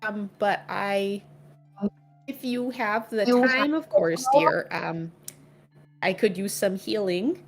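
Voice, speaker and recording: A woman voicing a friendly, injured female adventurer who talks casually with a high, breathy lift. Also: takes it slowly, music in the background.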